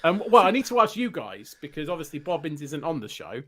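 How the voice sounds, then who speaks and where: A man co-hosts a podcast in loose, casual chat, rambling and joking as he goes. His voice sits a little higher than most men's. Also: very animated, brisk, a bit bright. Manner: jokey, rambling, reads listener mail aloud. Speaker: podcast co-host.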